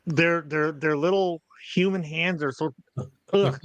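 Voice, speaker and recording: A man's voice: a little high, fairly even intonation, a little slow, no echo. A man on a live book chat, a parent who drops dry joking asides. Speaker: guest or co-host, parent. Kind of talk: casual chat.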